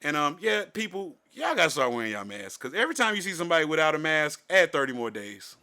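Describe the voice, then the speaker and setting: A middle-aged man, co-hosting a podcast and telling a profane story in animated, casual chat. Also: a little high, fast. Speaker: podcast co-host.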